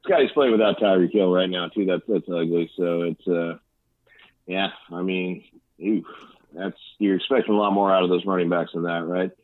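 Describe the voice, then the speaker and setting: A man's voice: low-pitched, fairly even intonation, moderate pace, dry recording. A man co-hosting a casual fantasy league chat, rambling and bluntly trash-talking with laughs. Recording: tinny phone-line sound.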